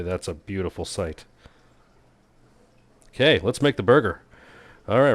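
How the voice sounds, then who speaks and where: A man with a lowish voice hosts a laid-back cooking video, his narration playful and goofy, full of jokes at his own expense. It's a dry recording.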